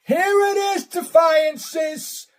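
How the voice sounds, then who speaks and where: A man's voice: extremely high pitch, fairly even intonation, very slow, very noisy. A man cutting a brash, profane wrestling promo, mocking his opponent while driving a car. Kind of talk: trash-talking wrestling promo.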